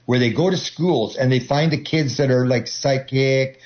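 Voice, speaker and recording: Male interview guest, rambling storyteller, mid pitch, slightly dull lo-fi recording. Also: normal speed. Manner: rambling, many restarts, acts out quoted voices. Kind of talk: casual rambling talk.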